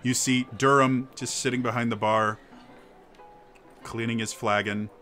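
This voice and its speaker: A man narrating as game master, with halting, stuttering narration. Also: mid-range voice, fairly even intonation, sharp tone, faint music behind.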